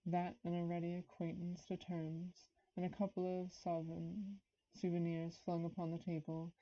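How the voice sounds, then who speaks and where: Low, flat-voiced woman reading aloud. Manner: nervous, stops to comment and greet chat viewers. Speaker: reader of a classic novel. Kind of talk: live-streamed book reading. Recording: dull lo-fi stream audio.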